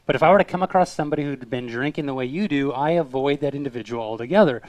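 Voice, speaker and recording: A man's voice: mid-range voice, rapid-fire, dry recording. A man co-hosting a casual talk show, telling anecdotes and acting out the people in them. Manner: animated storyteller who acts out voices in his stories. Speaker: co-host of a street evangelism web show.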